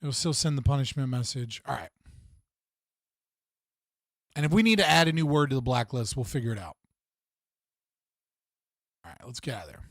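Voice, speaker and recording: A man's voice: mid-range voice, dry recording, clean studio sound. A young man hosting a casual livestream, rambling and swearing, often restarting sentences and laughing. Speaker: livestream host.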